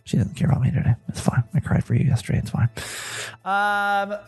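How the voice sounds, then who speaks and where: Gravelly man hosting a casual podcast. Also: high-pitched, expressive, brisk, faint music behind. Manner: rambling, self-mocking, hesitant. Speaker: podcast host. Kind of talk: casual chat.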